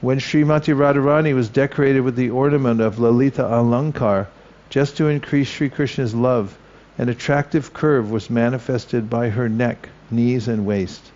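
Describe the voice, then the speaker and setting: A man reading a devotional text aloud at a slow, careful pace, stopping now and then to correct himself and reread a passage. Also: mid-range voice, a little mellow. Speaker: scripture reader. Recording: dull lo-fi recording.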